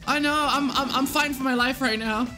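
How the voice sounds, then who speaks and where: A young woman live-streaming a game, reacting excitably, laughing often and greeting her chat. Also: high voice, moderate pace, music in the background, poor audio.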